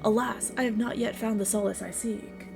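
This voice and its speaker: A woman's voice: on the high side, steady tone, moderate pace, gravelly, music in the background. A woman voicing a laid-back young slacker guy who talks in slang with mock drama.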